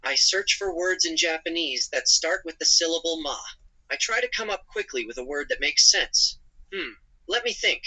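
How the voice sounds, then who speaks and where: A synthetic male voice as a gentle AI companion. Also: on the high side, normal speed, heavily acted, low-quality recording. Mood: earnest. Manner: calm, apologetic, narrates own actions.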